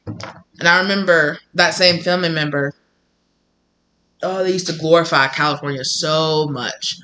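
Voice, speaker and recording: A man with a Southern US country accent talks in a loose personal monologue, circling back and repeating himself. His voice is bright and pitched a little high. He slips into quoted dialogue as he tells his story. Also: steady tone, unhurried. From Southern United States. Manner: rambling, repeats himself, acts out quoted conversations. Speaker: tarot channel host.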